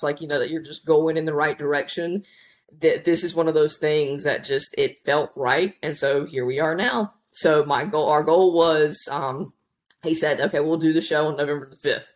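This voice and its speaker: A woman in her thirties, a powerlifting coach, telling her story casually in an interview with lots of restarts and asides. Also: low voice. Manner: rambling, animated, many restarts. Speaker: podcast guest, powerlifting coach.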